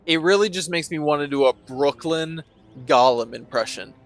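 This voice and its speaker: A man's voice: fairly high pitch, normal speed, faint music behind. A man casually commenting on gameplay, rambling and joking at his own expense. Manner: rambling, joking, self-deprecating. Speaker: let's play streamer.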